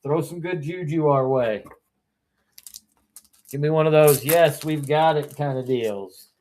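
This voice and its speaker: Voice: medium pitch, steady tone, unhurried, darkish tone. A card seller from Missouri, hosting a live-stream card break and rattling off player names with chatty, self-correcting asides.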